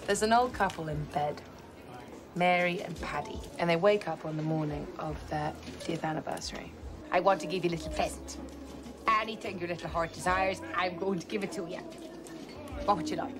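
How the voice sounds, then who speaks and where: A woman's voice: on the low side, a little fast, background noise, lightly acted. An actress playing a bold, playful young woman telling a dirty joke and acting out the voices in it. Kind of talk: film dialogue, joke telling. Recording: film audio under music.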